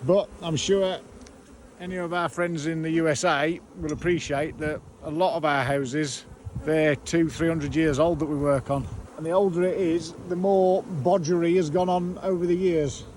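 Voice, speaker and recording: A joking man with a Black Country accent, slightly higher voice, chatting casually while working on a bee removal. His voice carries outdoor noise and buzzing bees in the background. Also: steady tone, normal speed, darkish tone. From Black Country, England. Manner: jokey, banters with slang.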